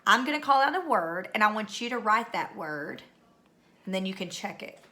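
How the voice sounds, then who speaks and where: A woman's voice: medium pitch, animated, normal speed, sharp tone. A middle-aged woman teacher recording a spelling lesson at home, patiently calling out words and spelling them letter by letter.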